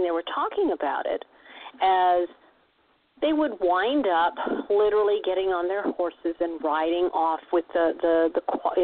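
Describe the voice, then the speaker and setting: A woman co-hosting a podcast, chatting casually and drifting off into asides. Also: on the low side. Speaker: podcast co-host. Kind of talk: casual chat. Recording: phone-like radio broadcast sound.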